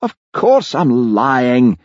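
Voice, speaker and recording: Man doing a gruff detective, morose, snarling, raised pitch, husky. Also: very animated, normal speed, mellow, no echo, muffled recording. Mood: anguished. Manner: snarling, weary, self-pitying. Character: gruff hard-drinking male Scottish detective, morose.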